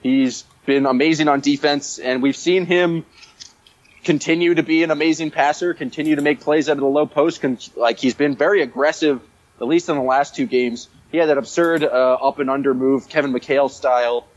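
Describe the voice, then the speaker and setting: A man's voice: fairly high pitch, fairly even intonation, moderate pace. A man co-hosting a casual sports podcast, talking with enthusiasm and rambling through fillers. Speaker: podcast co-host. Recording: dull, dry lo-fi sound.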